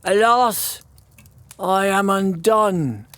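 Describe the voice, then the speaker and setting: A man's voice: high voice, animated, slow pace, no room sound, voice pushed up. A man doing a fretful poor old tailor. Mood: pleading. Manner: fretful, lamenting mutter. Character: poor old male tailor, worried and weary.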